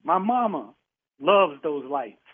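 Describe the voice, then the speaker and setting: A man's voice: a little high, very animated, takes it slowly, husky. A man on the phone who argues defiantly, swears and laughs scornfully. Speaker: prank call target. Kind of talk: heated phone argument. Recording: tinny phone line.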